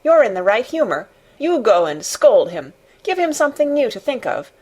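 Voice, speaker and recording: A woman doing a flustered, hurried nurse. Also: fairly high pitch, sing-song, a little mellow, slightly rough, pitched above the performer's own voice. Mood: anxious. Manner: hurried, coaxing.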